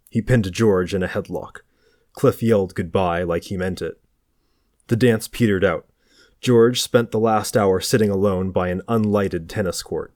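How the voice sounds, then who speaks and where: Low-voiced man reading a novel. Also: a little mellow, no room sound, studio quality. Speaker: audiobook reader. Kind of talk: novel narration.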